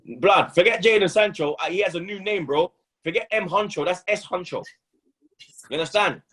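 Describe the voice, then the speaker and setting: Animated man ranting about football. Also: high-pitched, a little fast, slightly rough. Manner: loud, animated street slang, repeats "blood" and "you understand". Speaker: football pundit host. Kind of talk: casual football banter.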